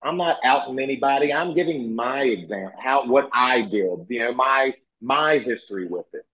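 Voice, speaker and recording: A man in his forties with a Virginia accent talks over a video call. He is easygoing and self-deprecating, and his voice sits at a middle pitch. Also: expressive, moderate pace, a bit bright, rough recording. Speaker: guest. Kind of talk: casual chat on a video call.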